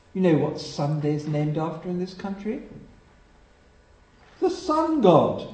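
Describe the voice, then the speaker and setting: A man from England preaching a sermon, telling stories with lively emphasis and dropping to a quiet hush at solemn points. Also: fairly high pitch, echoey room, rough recording. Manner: animated storytelling, drops to a hush for solemn moments.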